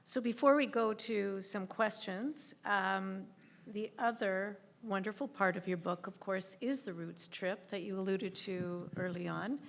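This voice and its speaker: A woman interviewing an author on stage, asking calm, measured questions. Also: mid-range voice, vocal fry. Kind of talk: onstage interview. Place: theatre stage.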